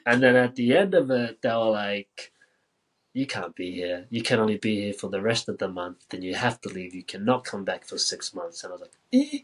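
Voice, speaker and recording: A New Zealand man, appearing as a podcast guest, tells a story casually with lots of filler words and lively quoted dialogue. His voice is on the low side at a moderate pace, and the audio is poor.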